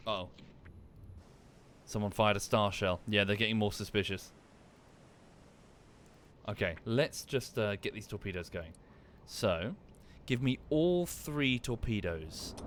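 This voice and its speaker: A man's voice: fairly low pitch, expressive, measured pace, a little hiss or hum. A man streaming a game from home, thinking aloud in casual commentary with muttered asides and self-corrections. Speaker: gaming streamer.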